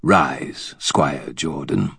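A man voicing a polite, menacing male villain in an audiobook, with a roughened voice and bland, courteous menace. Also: rumbling low, drawn-out words, pushed and bright, dry recording, studio quality, heavily acted. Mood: cool.

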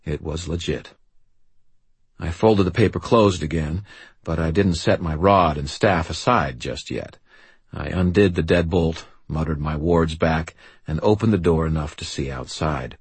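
Deep, husky male audiobook narrator. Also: measured pace, no echo. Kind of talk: scripted first-person audiobook narration.

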